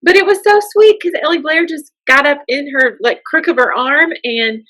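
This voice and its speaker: Bright kinda high woman in her 30s just chatting and telling a story. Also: expressive, normal speed. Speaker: podcast co-host. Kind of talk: casual chat.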